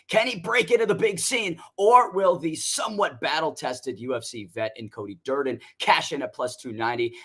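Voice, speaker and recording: A man's voice: a little high, bright, forceful tone, slightly rough. A man giving confident, casually profane fight analysis as a podcast guest.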